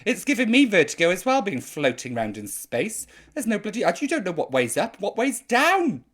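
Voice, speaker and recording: A woman's voice: medium pitch, sing-song, moderate pace. An older woman hosting a live chat stream, reading out viewers' comments in a cheeky, sweary, rambling way, sounding a little tipsy.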